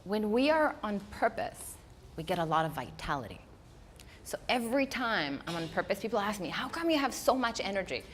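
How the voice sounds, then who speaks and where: A woman who is not a native English speaker, giving a lively storytelling motivational talk to a live audience. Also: medium pitch, fairly quick, slight background noise. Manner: animated storytelling, acting out her own inner voice. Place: event hall before a live audience.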